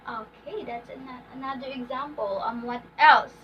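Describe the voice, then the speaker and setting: A woman's voice: sits high, steady tone, normal speed. A woman teacher giving a lesson, often checking in with "okay?" and reading example sentences aloud. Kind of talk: classroom lesson on intonation. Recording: distant mic, dull lo-fi sound, faint noise.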